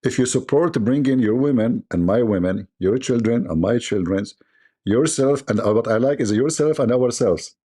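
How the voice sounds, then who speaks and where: A man's voice: medium pitch, moderate pace, dark tone, husky. A man hosting a livestream, giving mocking commentary in a sarcastic manner, laughing often and mimicking voices. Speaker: livestream host.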